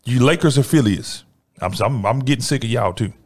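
A man's voice: mid-range voice, brisk. Emphatic man arguing sports. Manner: emphatic, animated, slangy. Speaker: sports podcast co-host. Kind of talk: casual sports debate.

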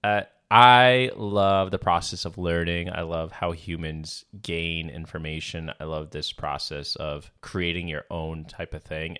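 A man's voice: deep voice, gravelly, a bit bright. A young man, a teacher, co-hosting a podcast with dry jokes and earnest explanations. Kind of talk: casual chat.

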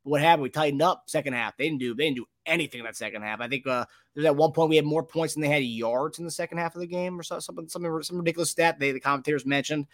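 Fast-talking podcast host guy, kinda high voice, rambles and restarts, dry mic. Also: fairly bright tone, no room sound. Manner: rambling, many restarts, asks co-host questions. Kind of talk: casual sports chat.

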